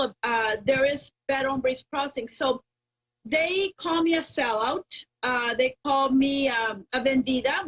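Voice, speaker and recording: A woman's voice: sits high, a bit bright, husky, poor audio. A woman with a Mexican Spanish accent, Spanish her first language, speaking as a guest in a casual interview, emphatic and proud, repeating her key phrases. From Texas border town, first generation Mexican. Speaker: guest, political activist.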